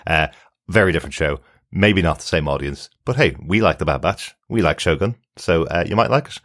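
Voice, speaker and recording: A man's voice: sits low, expressive, brisk, fairly bright tone. A man co-hosting a podcast, chatting easily and reading out listener plugs. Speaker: podcast co-host. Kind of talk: casual chat.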